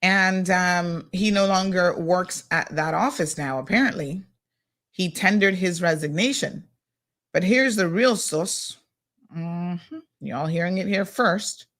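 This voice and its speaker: Woman host, animated and chatty, breaking local news with asides. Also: on the low side, slow. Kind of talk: casual news chat.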